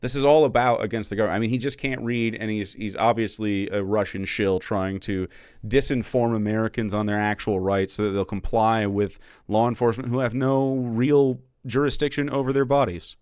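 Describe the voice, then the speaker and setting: A man's voice: fairly low pitch, steady tone, fairly quick, darkish tone, clean tone, no room sound, studio quality. A man commenting scornfully on a clip, profane and mocking. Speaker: political streamer. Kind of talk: reaction commentary.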